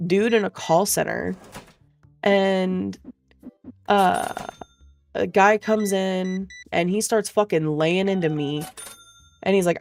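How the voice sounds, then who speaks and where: In a mid-range, slightly mellow voice, a young woman streamer rambles casually through a story laced with swearing. Fillers crop up constantly as she goes.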